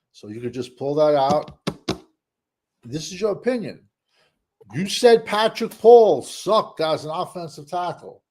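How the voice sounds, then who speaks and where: A man hosting a podcast in casual chat, ranting in an animated, exasperated way. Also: a little high, a little slow. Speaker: podcast host.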